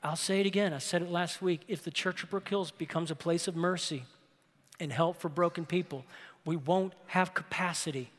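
A man preaching a sermon from the pulpit, swinging between impassioned loud passages and hushed storytelling. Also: high voice, normal speed. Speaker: pastor. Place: large church sanctuary. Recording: long reverb of a large hall.

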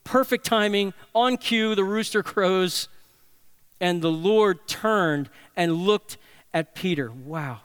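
A man preaches a sermon in a fairly high, smooth voice. He tells the story dramatically, swinging between loud passages and hushed ones. The sound is dry. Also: slow, dry recording. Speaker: pastor.

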